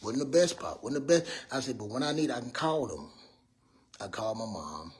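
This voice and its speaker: A man in his fifties giving a rambling, preachy motivational talk as a mentor, loud and earnest. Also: medium pitch, animated, moderate pace. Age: 50s. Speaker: mentor speaking to young people. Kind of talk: motivational monologue.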